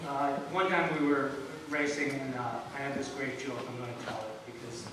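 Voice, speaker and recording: A man's voice: medium pitch, brisk. A former jockey giving a rambling, anecdotal memorial speech, laughing through his stories. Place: memorial service venue. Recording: echoey hall, mic from far off, noisy.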